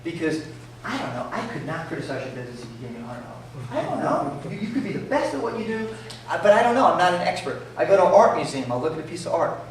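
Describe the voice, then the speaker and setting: A man with a New York accent tells animated, jokey business stories to an audience, acting out each exchange. His voice sits fairly high and swings widely in pitch. He is picked up from a distance in a very echoey room with faint background noise. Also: quick pace. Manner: animated, jokey, acts out dialogue. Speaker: entrepreneur speaker. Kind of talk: storytelling talk to an audience.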